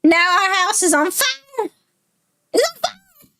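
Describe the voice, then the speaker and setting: Brief: woman voicing a panicked young girl, high-pitched, breaking into pleas. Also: expressive, slow, sharp tone, full character voice. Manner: tearful, panicky and pleading. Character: scared little girl whose father was killed.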